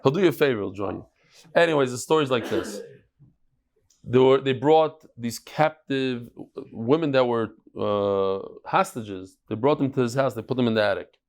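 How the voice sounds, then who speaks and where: A man's voice: medium pitch, moderate pace, darkish tone. A middle-aged man teaching a Talmud class, telling stories and bantering with his students.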